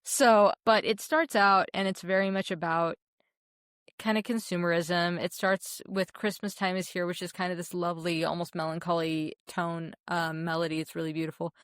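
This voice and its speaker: A young woman co-hosting a film podcast, talking warmly and emotionally about a favorite holiday special, often restarting her sentences. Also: fairly low pitch, level tone, normal speed, smooth, dry recording, studio quality. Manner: heartfelt, emotional, many restarts. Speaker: podcast co-host. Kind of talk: casual film chat.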